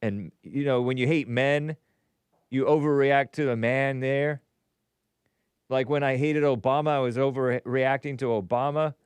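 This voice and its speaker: A man's voice: mid-range voice, steady tone, measured pace, clean tone, dry recording. A man hosting a casual livestream show, reading viewer messages aloud and answering them in a chatty way, laughing often and muttering asides under his breath.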